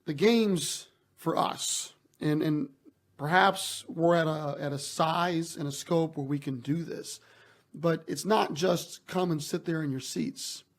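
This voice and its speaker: A man's voice: on the high side, takes it slowly, vocal fry. A man speaking as a guest executive in an interview, earnest and emphatic, often repeating words as he starts a thought. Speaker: basketball team executive, guest. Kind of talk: interview answers.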